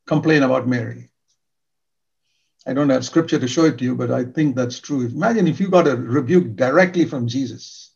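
A man's voice: medium pitch, lively intonation, moderate pace, gravelly, a little mellow, lo-fi sound. An older man preaching a sermon in an earnest, emphatic way, repeating key words for stress.

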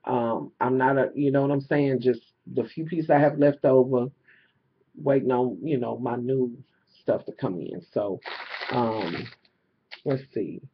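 A man with a medium-pitched, slightly slow voice chats casually to camera for his vlog about selling jewelry, swearing freely and venting in exasperation with plenty of fillers. He's at home indoors, and the camera mic gives dull lo-fi audio with a faint hiss or hum.

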